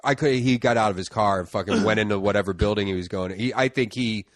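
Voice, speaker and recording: A man's voice: on the low side, fast talker, no echo, studio quality. A man guesting on a podcast in casual chat, talking in a laid-back, mumbly way that often trails off.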